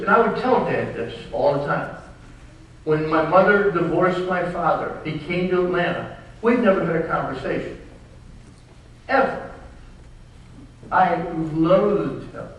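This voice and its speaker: A man's voice: sits high, fairly bright tone, slight background noise. An older man with a Southern US accent, an author telling stories to an audience in an emphatic, wry way. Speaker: author giving a talk. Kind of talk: storytelling talk to an audience. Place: large room at a bookstore event. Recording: very echoey room, distant mic.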